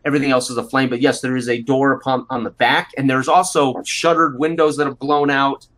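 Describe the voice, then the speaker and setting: A man's voice: mid-range voice, little pitch movement, a bit bright. A man running a tabletop role-play game as game master, narrating scenes with many fillers and restarts. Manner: halting, full of fillers and restarts.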